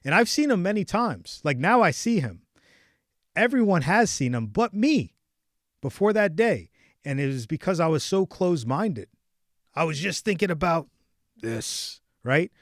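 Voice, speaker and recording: A man in his forties hosting a podcast, telling a personal story in a casual chat with animated swings between hushed and loud. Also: high voice, measured pace, no echo, clean studio sound. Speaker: podcast host.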